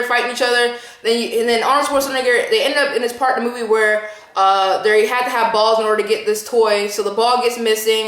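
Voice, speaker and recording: A woman's voice: on the high side, fairly bright tone. A woman in her twenties giving a casual, rambling movie review as a vlogger, full of loose fillers. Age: 20s. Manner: rambling, full of "like" and "you know". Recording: roomy echo.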